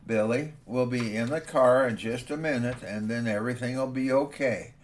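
A man voicing a patient father speaking in a low, quiet, soothing way. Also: normal speed, a little hiss or hum, natural voice. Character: patient dad calming himself, low and quiet.

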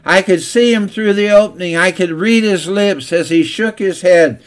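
A man's voice: high-pitched, moderate pace, clear, resonant tone, lightly acted. A man voicing a talking teacup that recalls its painful making, told in a plaintive storytelling way.

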